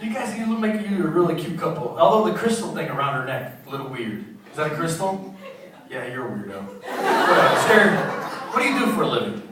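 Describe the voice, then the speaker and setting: A man's voice: fairly high pitch, very animated, fast, far from the mic, noisy background. A man doing a brash stand-up set on a comedy club stage, teasing people in the audience. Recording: echoey club recording from afar, loud crowd. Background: crowd laughter.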